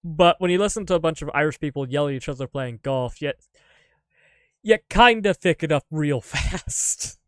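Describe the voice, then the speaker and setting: A male streamer talking casually to his viewers as he plays, rambling from one joke to the next with the odd offhand curse. His voice sits a little high for a man, and the sound is close and dry, with no room around it. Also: animated, normal speed, a bit bright, no echo. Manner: rambling, joking, swears casually. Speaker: live streamer. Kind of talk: casual live-stream chat while gaming.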